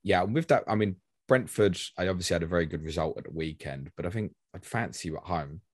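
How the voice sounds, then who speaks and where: Deep-voiced chatty podcast host. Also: male voice, fast talker, a little mellow, dry recording, clean studio sound. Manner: chatty, rambling, swears casually. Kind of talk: casual fantasy football podcast chat.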